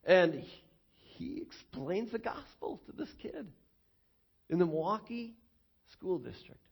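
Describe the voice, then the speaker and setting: A man preaching a sermon as pastor, telling stories with lively acted-out voices and frequent chuckles. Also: sits high, unhurried, gravelly, breathy edge. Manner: animated storytelling, acts out quoted voices, chuckles often.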